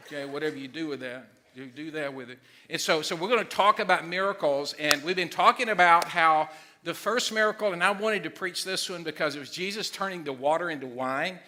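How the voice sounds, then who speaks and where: A middle-aged man preaching a sermon as pastor, excitable and emphatic, loud at times. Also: a little high, slight background noise.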